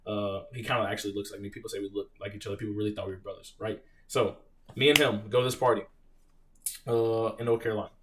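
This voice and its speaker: Young man answering live chat, slightly distant mic. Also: mid-range voice. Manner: reads viewer questions, animated profane storytelling. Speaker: live stream host, Marine veteran. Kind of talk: casual live Q&A.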